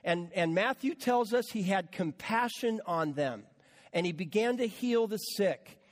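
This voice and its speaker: A man's voice: high-pitched, animated, a little slow, big-room sound. A man preaching a conversational sermon as a pastor, with repeated words and casual asides to the congregation.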